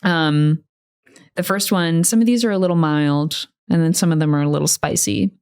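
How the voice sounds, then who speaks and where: A woman's voice: low-pitched, fairly even intonation, normal speed, a little mellow, smooth. A woman co-hosting a podcast in casual chat, rambling and wry, with many fillers. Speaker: podcast co-host.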